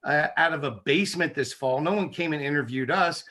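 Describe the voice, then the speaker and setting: Bright, forceful male interview guest. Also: on the high side, brisk. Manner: emphatic, persuasive, punchy repetition. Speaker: guest, chiropractic neurologist. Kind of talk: casual interview chat.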